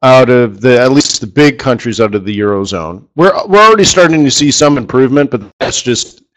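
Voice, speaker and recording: A man hosts a live trading session in a loose, rambling way. He talks through his ideas and keeps putting questions to the people watching. His voice sits at an ordinary, middle pitch. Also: lively intonation, fairly quick. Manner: chatty, rambling, asks viewers questions. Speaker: forex trading host.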